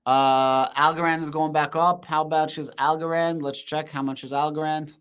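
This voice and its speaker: A man hosting a live stream, shouting with excitement in casual slang and answering viewers' comments. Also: fairly high pitch, moderate pace, clean tone. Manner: shouting, hyped, slangy, reads chat aloud.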